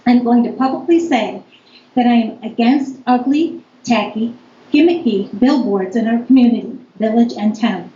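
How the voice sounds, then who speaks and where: A woman giving a firm, deliberate public comment as a local business owner at a town board meeting. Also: fairly high pitch, mellow. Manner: firm, deliberate, reading aloud. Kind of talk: reading a prepared public comment. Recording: echoey meeting room, dull lo-fi audio, faint noise.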